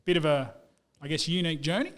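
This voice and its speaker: An Australian business owner in his thirties, a guest on a casual interview, talks fast in a fairly high voice. He's an animated storyteller who calls everyone "mate" constantly.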